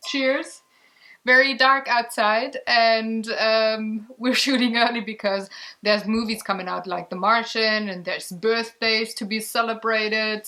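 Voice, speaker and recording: A woman's voice: a little high, sharp tone. Giggly, chatty young-sounding woman. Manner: giggly, chatty, many fillers. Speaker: vlog host. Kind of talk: casual chat.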